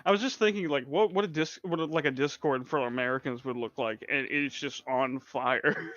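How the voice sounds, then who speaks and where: A man's voice: mid-range voice, normal speed, fairly bright tone, no echo. A man co-hosting a casual movie chat, swearing freely and laughing often. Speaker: podcast co-host. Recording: dull, lo-fi and dry.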